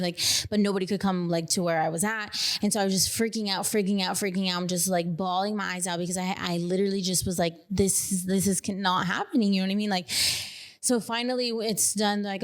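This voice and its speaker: Young woman, Texan accent, podcast guest, emotional storytelling, lowish flat voice, smooth clear tone. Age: young adult. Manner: emotional retelling, many fillers. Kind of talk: casual storytelling.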